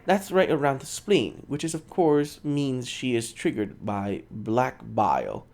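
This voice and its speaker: A man voicing an eager, fussy woman scholar who studies souls, in a raised, excited voice. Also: measured pace. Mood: clinical. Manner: excited, clinical, high-pitched.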